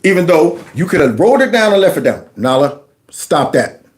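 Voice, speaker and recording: A man hosting casual political commentary, animated and mocking, who often slips into high, exaggerated mimicry. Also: moderate pace, roomy sound, slight background noise.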